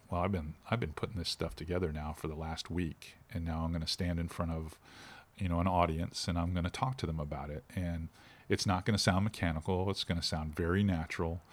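A middle-aged fishing instructor speaks in a casual interview, his deep voice full of animated, shifting inflection.

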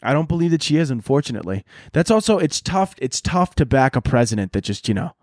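A man's voice: medium pitch, big pitch swings, fast, darkish tone, no echo, studio quality. A man hosting a podcast, ranting in a profane, rambling comedic monologue. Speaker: podcast host.

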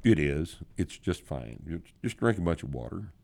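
A man hosting a podcast, answering listener questions in a blunt, sardonic and profane way, with drawn-out emphasis. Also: low-pitched, very animated, vocal fry, darkish tone. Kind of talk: casual podcast advice.

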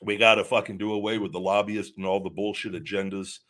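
A man's voice: on the low side, level tone, quick pace, a bit bright. A man hosting a podcast, ranting heatedly with lots of swearing and stumbling restarts. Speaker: podcast host. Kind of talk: livestream rant.

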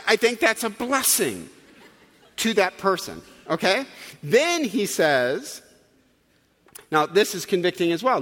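A man's voice: high voice, bright, forceful tone. A man preaching a sermon with humor and asides to the congregation. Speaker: pastor. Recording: long hall reverb.

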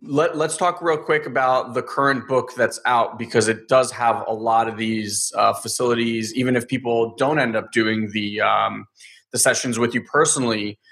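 Male host, bright forceful tone, casual chatty, lots of fillers. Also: mid-range voice, steady tone, moderate pace, gravelly. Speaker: podcast host. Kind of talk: casual interview chat.

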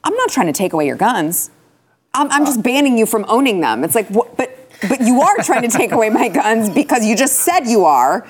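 A woman's voice: fairly high pitch, big pitch swings, a little hiss or hum. A woman hosting a casual political talk show, indignant and rattling off complaints. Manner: indignant, rapid-fire lists of complaints. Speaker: host.

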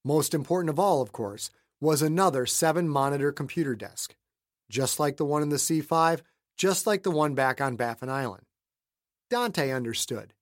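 A man narrating a novel as an audiobook in an even, measured storytelling voice. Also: a little high, dry recording, clean studio sound. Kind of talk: scripted narration.

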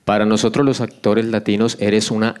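A man's voice: on the low side, little pitch movement, fast, a little mellow, smooth. A man from Colombia, an actor, asking a question from the audience in an earnest, effusive way.

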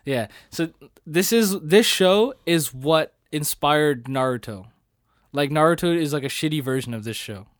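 A man's voice: on the high side, animated, a little slow, dry recording, studio quality. A man in casual chat as a podcast co-host, laid-back and slangy, swearing easily.

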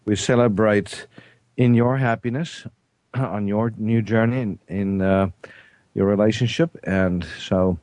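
A South African man hosting a studio talk show, hesitant, with frequent throat clearing and fillers. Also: fairly low pitch, steady tone, unhurried, a little mellow, dry recording. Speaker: host. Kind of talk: casual radio talk show.

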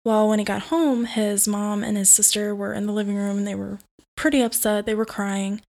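A woman's voice: medium pitch, little pitch movement, normal speed, gravelly, a little mellow. A woman telling a family ghost story in plain, earnest spoken words.

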